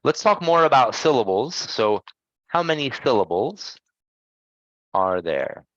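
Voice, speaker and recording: A man teaching English pronunciation in an online lesson, patient and encouraging, gently correcting his students. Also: mid-range voice, sing-song, measured pace, dry recording, lo-fi sound.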